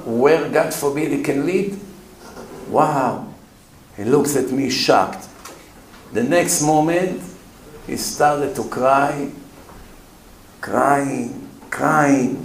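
A man, a rabbi, telling a story as a sermon, emphatic, with non-native English phrasing. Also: on the high side. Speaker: rabbi and lecturer. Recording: roomy hall with faint room noise.

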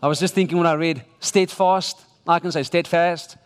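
A man's voice: on the high side, fairly even intonation, a little fast, smooth. A man with a South African English accent preaching a sermon with emphatic, exhorting delivery and frequent restarts. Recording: long reverb of a large church hall.

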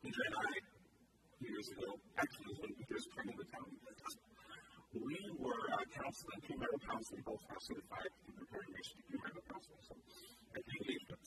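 A man preaching with great force, his pitch leaping high and low as he repeats key lines. He stays high in his register and presses his listeners to keep up. He is heard from far off in a recording full of loud noise. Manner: emphatic and repetitive, urging listeners to follow along. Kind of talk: sermon. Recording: loud noisy recording from a distance.

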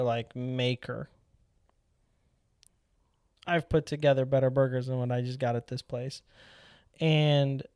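A young man telling a casual, animated story as a powerlifting vlogger, acting out his own past lines with sudden excited jumps in voice. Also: no echo, studio quality. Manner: animated, quotes himself in excited high voice.

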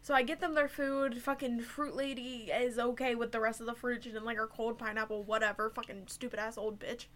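A woman's voice: fairly high pitch, level tone, brisk, few pauses, fairly bright tone. A young woman who works as a server, telling a story in a profane, emphatic way during a casual chat. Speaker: restaurant server.

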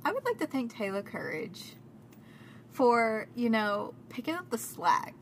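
A woman's voice: on the high side, sing-song, unhurried, a little hiss or hum. A young woman co-hosting a podcast in casual chat, rambling and self-deprecating. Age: young adult. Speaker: podcast co-host.

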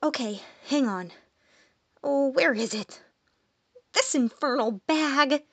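A woman voicing a bubbly, cheerful young human woman who gushes excitedly in a high voice. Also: slow pace, no room sound, exaggerated voice. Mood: flustered.

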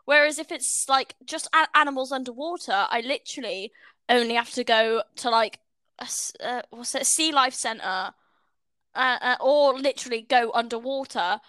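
A young woman co-hosting a podcast, giggly and animated in casual chat. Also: high-pitched, smooth, dry recording. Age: young adult. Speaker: podcast co-host.

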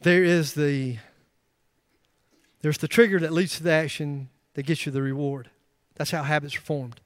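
A middle-aged man with a high-pitched voice preaches a sermon to his congregation. He talks emphatically, climbing into loud bursts and dropping in joking asides. His voice is picked up close and dry. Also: fairly even intonation, normal speed, no echo. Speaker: pastor.

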